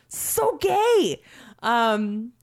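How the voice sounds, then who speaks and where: A young woman actor talking in a casual chat, her voice set fairly high. She is animated and lively and swears freely. Her pitch leaps upward whenever she gets excited. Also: drawn-out words.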